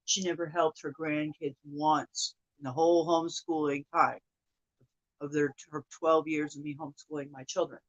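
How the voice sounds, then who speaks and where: Upset woman venting to her viewers, cussing a lot, gets loud then drops low. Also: level tone, normal speed, lo-fi sound. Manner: profane, agitated rant with swings from loud to hushed. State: upset, emotional. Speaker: vlogger. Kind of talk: angry venting monologue to viewers.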